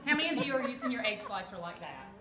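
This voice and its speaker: A woman's voice: medium pitch, very animated, rapid-fire, crowd noise. A woman giving a chatty, joking live cooking demonstration and quizzing her audience. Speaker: kitchen product demonstrator. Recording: echoey room with background noise.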